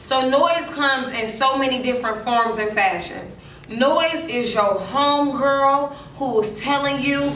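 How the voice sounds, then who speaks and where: A woman's voice: high voice, unhurried, fairly bright tone, a little hiss or hum. A woman hosting a girls' seminar, talking straight to the audience. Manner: direct, addresses the audience as y'all. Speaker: seminar host. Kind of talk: seminar talk. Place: seminar room. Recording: echoey room, mic from a distance.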